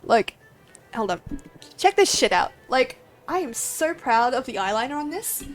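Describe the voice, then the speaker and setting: A young woman from Australia streaming a game, chatting casually with viewers, excitable, laughing often and swearing freely. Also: high voice, normal speed, soft background music. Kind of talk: casual live-stream chat.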